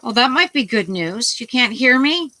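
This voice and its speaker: A middle-aged woman vlogger rambles casually through a story, swearing now and then and starting sentences over midway. Her voice is a little high, animated, pushed and bright, at a moderate pace. The audio is poor, with no room sound.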